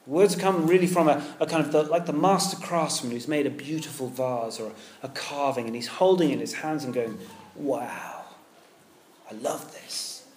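A man preaching a sermon in an earnest, conversational way, moving between loud emphasis and hushed tenderness. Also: fairly high pitch, a little fast, hardly any pauses, roomy sound.

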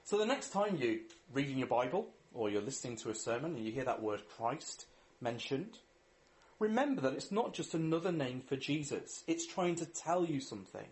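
A man's voice: mid-range voice, big pitch swings, normal speed. A man preaching a sermon in an earnest way, reading scripture, asking rhetorical questions and leading a prayer.

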